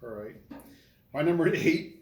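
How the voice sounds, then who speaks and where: A man in casual chat giving blunt, dry opinions with deadpan put-downs. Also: on the high side, unhurried. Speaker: co-host ranking films. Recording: echoey room with faint noise.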